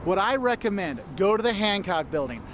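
A man with a notably high voice talks through travel tips in a chatty, explanatory way. Faint noise sits under the voice of the played clip. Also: sing-song, a little fast, fairly bright tone. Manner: chatty, explains with "okay?" and "look". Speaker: travel video presenter. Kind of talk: scripted travel guide talk.

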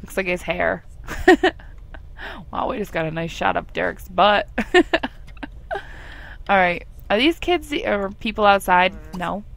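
A woman's voice: medium pitch, unhurried, creaky, long pauses, a bit bright. A young woman giving casual, chatty commentary over a life-simulation game, laughing often and talking to the characters. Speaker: gameplay commentator. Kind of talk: casual let's play commentary.

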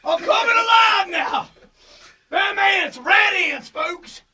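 A whooping drunk old preacher. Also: male voice, very high voice, slow pace, sharp tone, shouting, distant mic, some chatter behind, exaggerated voice. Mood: rowdy drunk. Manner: hollering, slurred, rambling. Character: rowdy drunken old male preacher, boozy and wild. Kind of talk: improvised comedy sketch.

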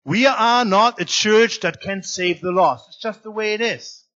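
High-voiced man preaching a sermon. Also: a little slow, lo-fi sound. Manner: swings between loud emphatic preaching and quiet low asides. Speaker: guest pastor. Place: church sanctuary.

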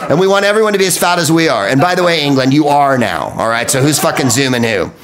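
An American man telling comic stories on a podcast with a lively, swooping delivery. He swears freely and drops into quick impressions as he riffs. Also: fairly high pitch. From United States. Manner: animated, profane, riffing with impressions. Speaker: comedian. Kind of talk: comedic monologue on a podcast.

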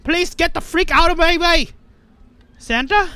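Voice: high-pitched, normal speed, over music. A gamer giving frantic, panicky commentary on a horror game, swearing constantly. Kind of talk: let's play commentary.

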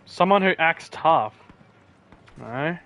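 A man with an Australian accent chats casually during a live game stream, swapping joking, defensive banter with viewers. His voice is a little high, expressive and slow, a bit bright, with vocal fry.

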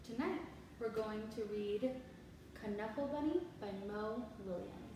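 A woman teacher reading a picture book aloud to children, animated and expressive with asides, heard from far off in an echoey room. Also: on the high side, unhurried, noisy background.

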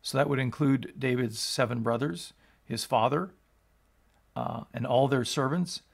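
A male pastor from the United States reads scripture aloud and explains it in an earnest teaching tone that rises for emphasis. His medium-pitched voice is creaky and husky, and he speaks a little slowly.

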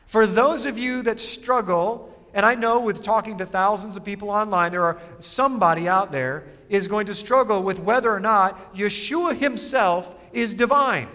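A male pastor delivers an emphatic sermon full of rhetorical questions, switching between quick asides and slow, stressed phrases. His voice sits high with a sharp tone, and a long reverb tail follows it.

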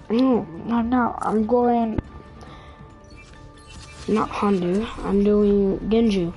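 A woman's voice: mid-range voice, big pitch swings, slow, mellow, faint music behind. A woman streaming a game live, giving foul-mouthed trash-talking commentary as she plays.

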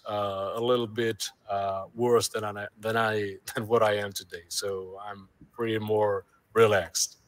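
A middle-aged man from Portugal with a Portuguese accent, a native Portuguese speaker chatting humbly as a guest musician in an interview, halting and searching for his words in English. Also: medium pitch, a bit bright, clean tone. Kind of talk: casual podcast interview.

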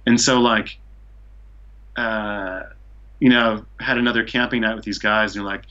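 A man's voice: fairly low pitch, fairly even intonation, normal speed, sharp tone, muffled recording. A man from Seattle telling a long travel story as a podcast guest, rambling with lots of "like" and "you know". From Seattle, USA. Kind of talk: casual storytelling.

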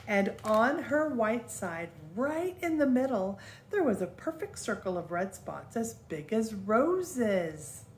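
An older woman, a grandmother, gently reading a children's book aloud as a storyteller. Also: fairly high pitch, sing-song, slow, few pauses, roomy sound, slight background noise.

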